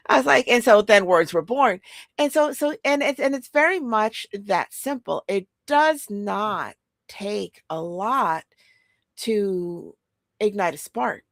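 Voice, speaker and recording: A woman talks in a casual podcast chat with a gravelly edge to her mid-pitched voice. She tells her story in a giggly, animated way. The sound is close and dry. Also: slow, no echo.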